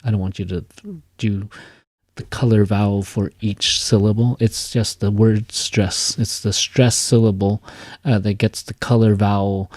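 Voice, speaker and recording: A man teaching a class, explaining an assignment in a casual way, with many fillers and quick "okay?" checks. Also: fairly low pitch, level tone, darkish tone, dry recording, studio quality. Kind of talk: recorded class lecture.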